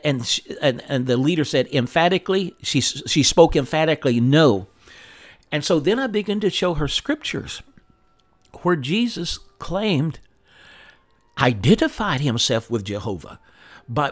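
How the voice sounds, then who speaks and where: Earnest man telling a faith story. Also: on the high side. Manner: earnest, repeats words, frequent restarts. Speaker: Christian teacher and author. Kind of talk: storytelling teaching talk.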